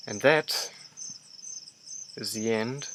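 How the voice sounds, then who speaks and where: Guy with a bright forceful voice talking through a church statement, casual explainer, faint noise behind. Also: on the low side, extremely slow, low-quality recording. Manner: explains document in plain conversational terms. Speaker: commentator. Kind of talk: church commentary talk.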